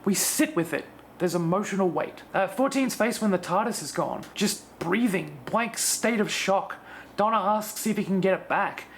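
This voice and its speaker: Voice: medium pitch, expressive, moderate pace, slight background noise. A video reviewer giving a scripted scene-by-scene analysis of an episode, sometimes restarting a sentence. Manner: analytical, breaks down scenes one by one.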